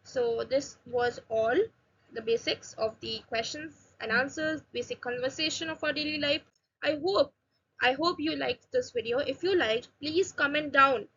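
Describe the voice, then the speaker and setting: A woman with a high, bright voice from India runs a casual online lesson. She repeats each phrase slowly and carefully, then drops into quick chatty asides. The recording is slightly dull and lo-fi. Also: slight background noise. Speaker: language teacher.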